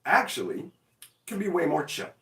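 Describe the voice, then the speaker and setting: Casting: forty-something male streamer, bright edge, swearing and excitable, roomy sound set back from the mic. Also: on the high side, normal speed, far from the mic. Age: 40s. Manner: profane, excitable, self-mocking. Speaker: streamer answering chat. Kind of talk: casual livestream chat.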